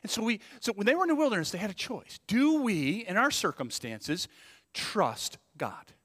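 A male pastor preaching a sermon, swinging between loud emphasis and hushed asides. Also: high-pitched, very animated, moderate pace. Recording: long reverb of a church hall.

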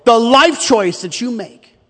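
Middle-aged male preacher, high-pitched, folksy and joking, reverberant sanctuary sound. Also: expressive, takes it slowly. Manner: storytelling, joking, calls out to the congregation. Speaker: pastor. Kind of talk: sermon. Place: church sanctuary.

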